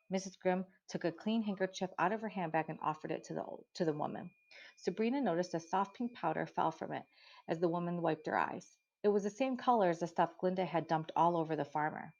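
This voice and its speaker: Brief: female audiobook narrator, measured, slightly low pitch, dull lo-fi audio. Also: a little mellow. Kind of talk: scripted narration. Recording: dull lo-fi recording.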